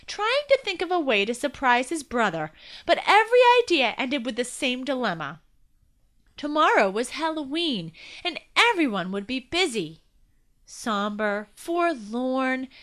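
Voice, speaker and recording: A woman reading a children's story aloud, slow and carefully paced. Her pitch moves in wide, lively swoops and her tone is bright. She speaks as a storyteller and host. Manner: expressive and slow. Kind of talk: scripted children's story narration.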